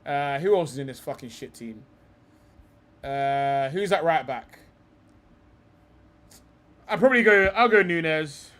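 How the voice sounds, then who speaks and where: A young man hosting a live football talk stream. He swears a lot and thinks aloud, often trailing off into low mutters. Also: animated, a little slow, long pauses, a bit bright. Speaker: streamer host.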